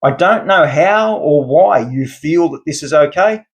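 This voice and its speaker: A man's voice: on the high side, lively intonation, measured pace. A man delivering an angry, lecturing monologue rant as a podcast host. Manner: indignant, lecturing, formal words.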